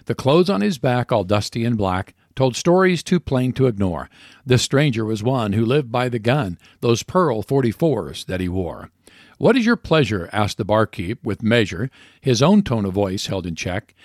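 A man hosts a radio program and recites rhyming cowboy verse with a steady, measured cadence. His voice sits in a middle register. The sound is close and dry, with no room echo. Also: medium pitch. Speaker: radio host. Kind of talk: reciting cowboy poetry and reading ads.

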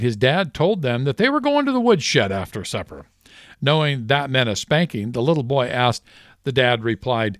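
A man's voice: medium pitch, dry recording, clean studio sound. A man co-hosting a short radio program, reading sponsor spots and telling folksy jokes with a chuckle. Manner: lively storyteller, chuckles at his own punchlines. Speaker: radio show co-host.

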